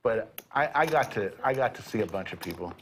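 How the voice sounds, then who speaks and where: A man's voice: fairly low pitch, lively intonation, a little fast, background noise. An older man, a poker player, telling easygoing stories at the table during a live stream.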